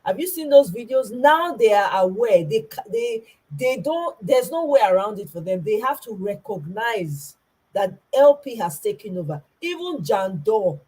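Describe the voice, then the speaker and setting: A woman's voice: medium pitch, big pitch swings, moderate pace, mellow, slightly rough, low-quality recording. A Nigerian woman giving an impassioned political commentary, stressing her points by repeating them. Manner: emphatic, repeats herself for stress.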